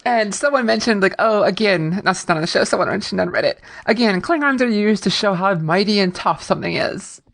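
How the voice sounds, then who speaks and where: A woman's voice: mid-range voice, animated, fairly quick, creaky, hardly any pauses. A woman co-hosting a podcast, chatting casually about a TV episode and laughing often. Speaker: podcast co-host. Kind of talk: casual episode recap chat.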